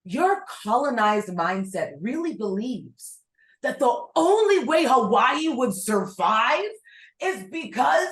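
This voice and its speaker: Blunt, animated woman podcast host. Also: on the high side, takes it slowly, roomy sound. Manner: blunt, animated, swears freely. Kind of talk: casual podcast chat.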